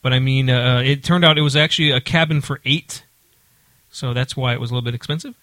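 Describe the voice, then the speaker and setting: A man's voice: medium pitch, fast talker, sharp tone, dry recording. A man telling a long story in casual chat, with lots of fillers and restarts. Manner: rambling, many fillers and restarts.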